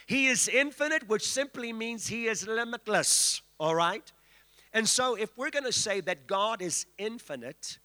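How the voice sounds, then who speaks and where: High-voiced man preaching. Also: sharp tone. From South Africa. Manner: declamatory, calls for congregation response. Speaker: guest preacher. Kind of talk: sermon. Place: church sanctuary. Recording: reverberant church hall.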